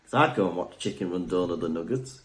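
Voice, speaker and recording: A young man with a deep voice talks quickly while co-hosting a podcast in casual conversation. His manner is jokey and digressive, marked by spirited storytelling.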